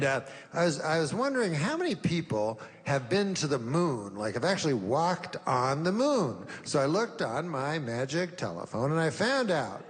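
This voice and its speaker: A man doing a stand-up comedy set, telling stories in a dry, deadpan way with halting pauses. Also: fairly high pitch, in a large hall. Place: comedy stage.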